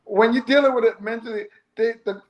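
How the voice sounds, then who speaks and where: A man with a strikingly high-pitched speaking voice chats about his years on the police force. His voice is naturally loud, and he slips into the voices of the people he quotes. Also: steady tone, brisk, dull audio. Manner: loud voice, acts out quoted speech. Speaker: former police officer. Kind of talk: casual podcast conversation.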